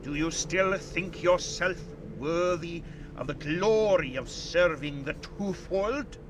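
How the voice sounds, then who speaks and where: An actor playing a menacing male torturer in a video game, speaking slowly and tauntingly in a put-on German accent. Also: a little high, rough recording. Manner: slow, taunting, sneering. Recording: game audio with clear background noise.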